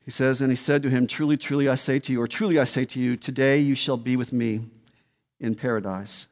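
A man's voice: medium pitch, fairly even intonation, brisk, a little mellow. A man preaching a sermon as pastor, emphatic and repeating key words. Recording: long hall reverb.

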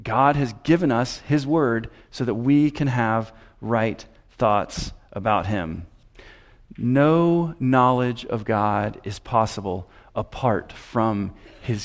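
Slow, emphatic preacher in a reverberant hall. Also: male voice, fairly low pitch. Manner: measured, emphatic preaching with repeated phrases and rhetorical questions. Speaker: pastor. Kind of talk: expository sermon.

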